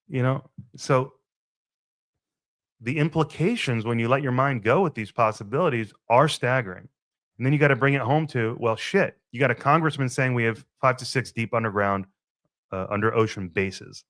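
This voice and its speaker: A man's voice: medium pitch, normal speed, a bit bright, no room sound. A man hosting his own podcast, musing and rambling in a casual solo monologue and swearing freely. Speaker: podcast host.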